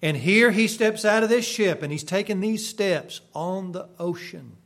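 A man preaching a sermon, swinging from sudden loud bursts to hushed, quiet lines. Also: a little high, moderate pace, gravelly, few pauses.

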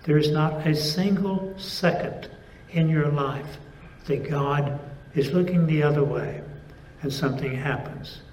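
A man preaching a sermon, speaking deliberately with pauses and emphatic stresses. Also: a little high, darkish tone, roomy sound, slight background noise, poor audio.

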